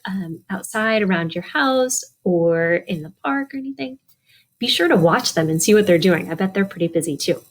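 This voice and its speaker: A woman leads a children's storytime as a librarian, reading a picture book aloud. Her voice climbs and dips constantly. She pauses often to ask the little listeners questions and then answers them herself. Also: medium pitch.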